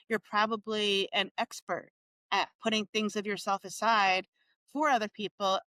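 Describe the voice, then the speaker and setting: A woman's voice: medium pitch, fairly bright tone, no room sound. A woman co-hosting a podcast in casual chat, explaining with animation and acting out little quotes. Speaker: podcast co-host.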